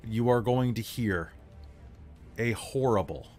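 A man's voice: medium pitch, slow pace, a little mellow, soft background music. A man running a live tabletop game as game master, narrating dramatically in short phrases.

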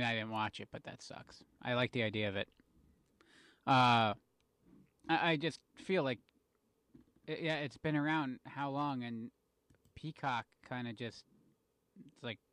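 A man's voice: medium pitch, slow, pauses often, a bit bright, clear, resonant tone, dry recording. A man co-hosting a casual podcast, laid-back and wry, stumbling over his words. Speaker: podcast co-host. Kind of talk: casual chat.

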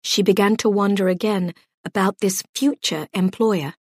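A woman narrating an audiobook in a measured, gently expressive storytelling voice. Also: mid-range voice, husky, no echo, studio quality.

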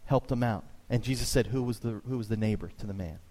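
A man preaches to his congregation, telling stories and driving his points home with sudden high bursts of emphasis. His voice carries a long reverb, as if recorded in a church hall. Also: fast. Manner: animated storytelling preacher, voice jumps high for emphasis. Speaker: pastor. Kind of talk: sermon.

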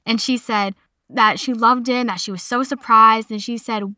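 A young woman in her twenties telling a casual personal story in a chatty, animated way, quoting other people as she goes. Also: on the high side, normal speed, dry recording, studio quality. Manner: chatty, animated retelling with quoted voices.

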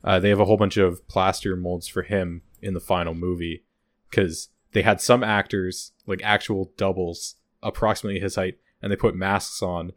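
A man with a low voice talks in a rambling, animated way about behind-the-scenes stories. He often slips into quick impressions of the people he quotes. The sound is close and dry, with no room around him. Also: no room sound. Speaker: podcast co-host. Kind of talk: casual chat about a TV show's extras.

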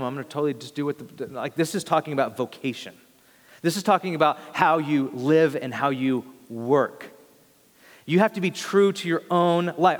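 A young adult man, a pastor, preaching a sermon in an earnest, conversational way, often restarting his phrases. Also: mid-range voice. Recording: long hall reverb.

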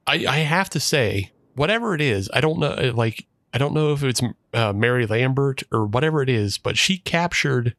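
A man's voice: mid-range voice, animated, moderate pace, hardly any pauses, fairly bright tone, dry recording, studio quality. Man co-hosting a casual podcast. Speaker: podcast co-host. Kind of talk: casual chat.

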